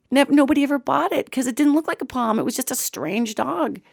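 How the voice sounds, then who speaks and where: Brief: woman host, chatty storyteller, lively swooping pitch, dry close sound. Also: normal speed, creaky, hardly any pauses, dry recording. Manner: animated and chatty, addresses listeners as gang. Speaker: radio show host. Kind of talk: casual anecdotal storytelling.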